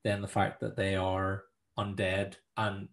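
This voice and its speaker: A man's voice: low-pitched, flat delivery, unhurried. A man with a Northern Irish accent co-hosting a casual film review chat, laid-back and wry, swearing casually. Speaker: podcast co-host.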